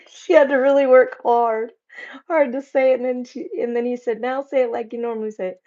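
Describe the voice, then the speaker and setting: A woman hosting a casual live chat, reading out viewers' comments and joking around with a quick laugh. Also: fairly high pitch, steady tone, darkish tone. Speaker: livestream host. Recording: slightly dull lo-fi stream audio.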